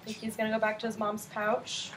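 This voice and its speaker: A woman teacher reads a picture book aloud to young children, her voice pitched a little high and animated as she stops to quiz the class. The classroom recording carries a steady wash of background noise. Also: fairly quick. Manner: animated read-aloud voice, asking children questions.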